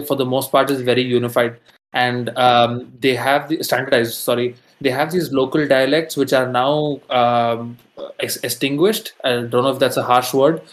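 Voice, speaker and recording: Podcast guest, a man from India, middle-pitched, relaxed conversational delivery, lots of fillers and self-corrections. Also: rough recording. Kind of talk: casual interview conversation. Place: lives in France.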